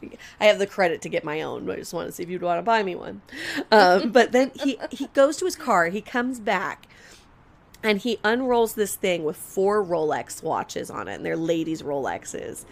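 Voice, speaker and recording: A woman's voice: lowish voice, animated, moderate pace, gravelly, a little hiss or hum. A young adult woman co-hosting a podcast, telling a long story in casual chat, acting out quotes and swearing freely. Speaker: podcast co-host.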